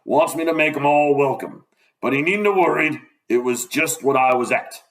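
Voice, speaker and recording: A pompous old male con man rambles and lectures, thoroughly pleased with the sound of his own voice, as a man reads him out. He draws his words out slowly in places, savouring them. It is a storybook reading. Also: on the high side, close to an everyday voice. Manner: rambling, self-satisfied, lecturing. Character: pompous old male swindler posing as English.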